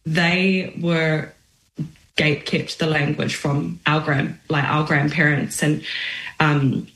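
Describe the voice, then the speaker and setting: Low-voiced woman in a roomy echo. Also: steady tone, fairly bright tone. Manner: reflective, halting, with restarts. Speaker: interview guest. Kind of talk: casual interview conversation.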